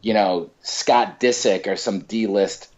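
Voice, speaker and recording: A male comedian telling stories in a casual chat, talking in quick bursts with lots of fillers and restarts. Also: on the low side, muffled recording. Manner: animated storyteller, many fillers and restarts. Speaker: comedian guest.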